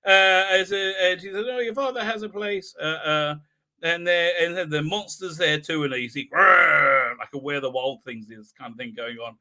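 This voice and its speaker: A man's voice: fairly high pitch, moderate pace, sharp tone. A man hosting a live stream, recapping an episode in a rambling, sarcastic way with many fillers. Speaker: host.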